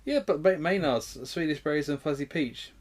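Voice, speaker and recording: A man's voice: fairly high pitch, normal speed, slight background noise. A man co-hosting a casual comedy podcast, giggling and tossing in silly one-liners. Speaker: podcast co-host.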